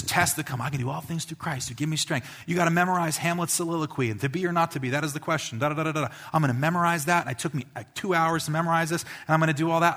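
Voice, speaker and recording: A male pastor giving a conversational sermon, building to emphatic peaks and dropping to quiet asides. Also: fairly high pitch.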